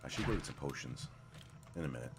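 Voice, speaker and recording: A man's voice: extremely low pitch, lively intonation, fast talker, vocal fry, loud music behind the voice. A man casually commenting while streaming a game, rambling and swearing, with mumbled asides, speaking into a desk microphone.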